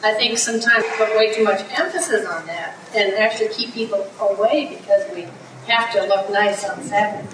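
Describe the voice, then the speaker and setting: A woman's voice: medium pitch, fairly even intonation, moderate pace. A woman in a church group giving an earnest, thoughtful answer from the audience. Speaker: class participant. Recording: distant echoey room audio with noise.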